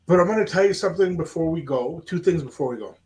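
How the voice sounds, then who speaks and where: Animated man telling a story. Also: a little high, fast. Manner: animated, acts out quoted dialogue. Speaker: radio show host. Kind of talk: casual storytelling chat.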